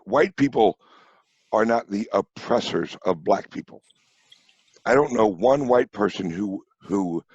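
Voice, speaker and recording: A man's voice: on the low side, darkish tone, breathy edge, dry recording, highs cut off. A middle-aged man from St. Louis telling blunt, profane stories in a casual podcast chat. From St. Louis, USA. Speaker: podcast guest.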